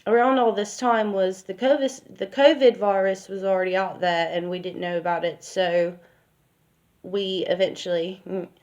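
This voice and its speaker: A woman's voice: medium pitch, steady tone, moderate pace, a little mellow, lo-fi sound. A woman telling a personal story in a casual, rambling way with lots of fillers. She speaks candidly and swears now and then.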